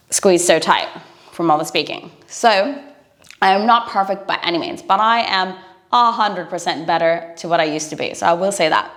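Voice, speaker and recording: A woman's voice: fairly low pitch, a bit bright. Encouraging woman breathing coach. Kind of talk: instructional talk to camera.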